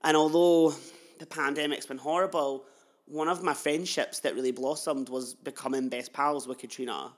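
A young man hosting a casual podcast interview, gushing and effusive, talking warmly about his guest. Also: on the high side, fairly even intonation, moderate pace. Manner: gushing, effusive, laughs often. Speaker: podcast host.

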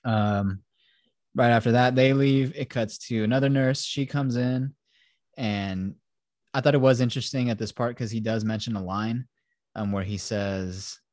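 A podcast host with a medium-pitched, slightly mellow voice animatedly retells a film scene by scene on a casual show, acting out the characters and swearing freely. His intonation is fairly even and his speed normal. The recording is dry, with clean studio sound.

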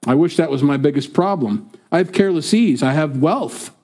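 A man's voice: a little high, animated, moderate pace, dark tone. A man from the United States preaching a sermon in a conversational way, often acting out what others might say. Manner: conversational, acts out quoted speakers. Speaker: pastor.

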